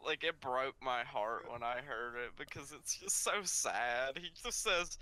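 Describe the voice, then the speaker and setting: A man's voice: medium pitch, dry recording, poor audio. A man co-hosting a podcast in casual chat, reacting expressively and filling his talk with "like". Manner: expressive, quick reactions with lots of "like". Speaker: podcast co-host.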